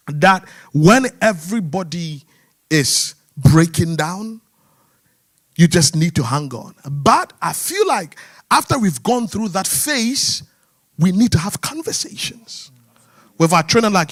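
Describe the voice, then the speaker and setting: A man's voice: high-pitched, animated, unhurried, a bit bright. A man with a London accent hosting a church discussion among men, earnest and searching, often restarting his questions. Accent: London English. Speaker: host.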